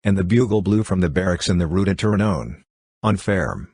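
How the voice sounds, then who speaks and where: A man reads a novel aloud at a steady, even pace. His voice is deep and a little husky. The recording is close and dry, with no room sound. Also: a little fast, no echo. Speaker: audiobook narrator. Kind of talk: scripted narration.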